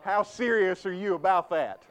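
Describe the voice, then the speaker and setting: A man's voice: high voice, moderate pace, clean tone. A man preaching a sermon as pastor, folksy and emphatic with frequent restarts.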